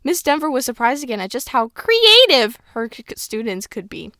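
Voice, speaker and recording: Woman reading aloud, giggly, stumbling, fairly high voice, dry close sound. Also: very animated, moderate pace, pushed and bright, dry recording. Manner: giggly, stumbles over words while reading. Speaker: podcast co-host reading a book aloud. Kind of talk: casual reading aloud with banter.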